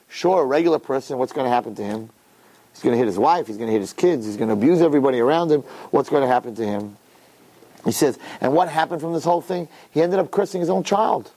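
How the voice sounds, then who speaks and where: A man teaching a Torah class to a room of listeners, animated and full of rhetorical questions. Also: on the high side. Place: room with an audience.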